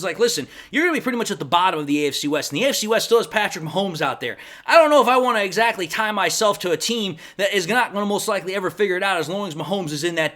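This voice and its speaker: A man with a fairly high voice talks through his football opinions on his own fan channel. His talk is casual and opinionated, and now and then he trips over his words and restarts. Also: a bit bright. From Detroit Lions fan. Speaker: sports fan channel host. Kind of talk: casual sports commentary vlog.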